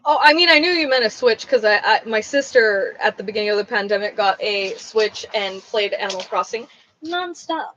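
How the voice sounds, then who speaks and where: A woman's voice: medium pitch, expressive, moderate pace, pushed and bright, rough recording. A woman who owns a craft shop, chatting casually on a livestream while she packs orders, rambling and blunt.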